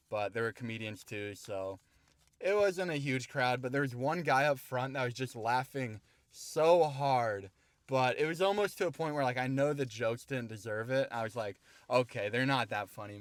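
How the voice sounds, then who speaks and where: A male comedian speaks in a relaxed, conversational vlog voice. He swears casually and weighs up his own material with offhand candor, his pitch sitting in a middle range. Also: dry recording. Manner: laid-back, profane, self-critiquing. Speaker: stand-up comedian.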